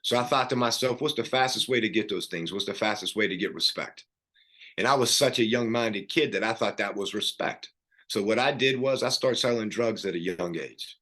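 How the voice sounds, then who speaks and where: Middle-aged man, low voice, earnest podcast guest recounting his past with fillers and restarts. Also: brisk, bright, forceful tone. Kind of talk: personal story in casual conversation.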